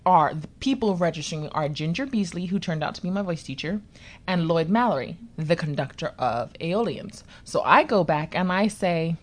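A woman telling a story in a relaxed chat, lively and playful, acting out the people she talks about. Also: fairly low pitch, normal speed. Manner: lively, animated, acts out voices in her story.

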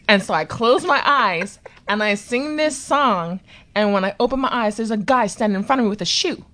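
A woman telling a story in a relaxed chat, lively and playful, acting out the people she talks about. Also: medium pitch, brisk. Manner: lively, animated, acts out voices in her story.

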